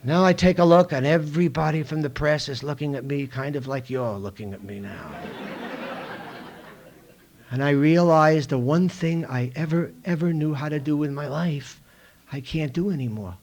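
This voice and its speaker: A man's voice: a little high, normal speed, creaky, darkish tone, some chatter behind. A middle-aged man speaking at a recovery meeting in a school room, telling a story to a live audience and acting out other people's lines.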